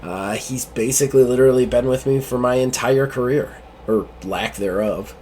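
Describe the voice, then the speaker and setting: A commanding female starship captain, acted by a man running the game, terse and exasperated. Her voice rises high when irritated. She speaks in clipped orders. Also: moderate pace, dark tone, slight background noise, lightly acted. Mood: weary.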